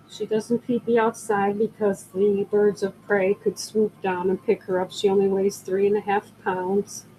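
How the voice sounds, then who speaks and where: Here an older woman with a mid-range, dark-toned voice sells jewelry live, chatting casually, spinning rambling stories and saying hello to viewers who drop in. The recording is rough, with slight background noise.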